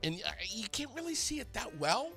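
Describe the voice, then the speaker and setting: A man's voice: very high-pitched, very animated, a little fast, gravelly, pushed and bright, faint music behind. A man co-hosting a podcast in a casual morning chat, rambling with fillers and restarts. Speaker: podcast co-host.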